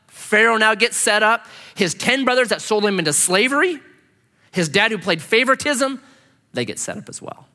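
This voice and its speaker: A man preaching a sermon as a pastor, telling stories with lively, acted-out voices. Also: on the high side, big-room sound. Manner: animated storytelling, acting out quoted voices.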